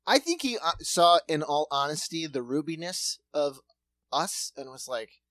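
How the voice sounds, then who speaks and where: Man, comedian co-host, jokey banter, swears, lively pitch, dry recording. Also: no room sound. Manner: quick riffing, jokey, swears.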